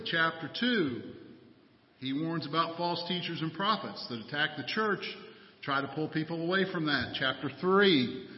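A male preacher delivers a sermon, pressing his points with rhetorical questions. His voice sits somewhat high. It rings through a large echoing hall, and the recording sounds muffled and dull. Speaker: pastor.

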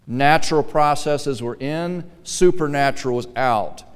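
A man pastor preaching a sermon in a church, emphatic, dropping to quiet asides and then pressing hard on key lines. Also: on the high side, a little slow, clear, resonant tone, in a large hall.

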